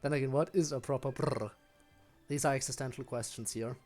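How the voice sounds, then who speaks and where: With faint music in the background, a game streamer chats casually with viewers late at night while gaming, sounding self-conscious and tired and giggling frequently. The mid-range voice is steady, brisk, and somewhat dark in tone.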